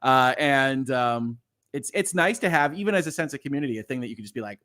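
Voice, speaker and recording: Halting, earnest middle-aged male livestream host. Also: mid-range voice, pushed and bright. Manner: halting, repeats words, earnest. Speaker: legal channel host. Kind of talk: livestream chat, reading viewer comments.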